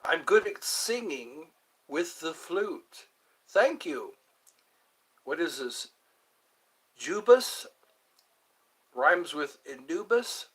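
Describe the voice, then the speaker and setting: A man's voice: on the high side, very animated, drawn-out words, pauses often, a bit bright, husky. A man hosting a casual livestream, rambling between topics and greeting viewers as they join. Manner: rambling, drifts between topics and hums snatches of songs. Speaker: livestream host.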